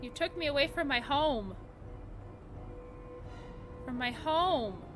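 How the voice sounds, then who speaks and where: A woman's voice: high voice, lively intonation, slow, over music. A woman voicing a small, willful runaway house cat, proud and taunting as it declares its escape. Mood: reproachful.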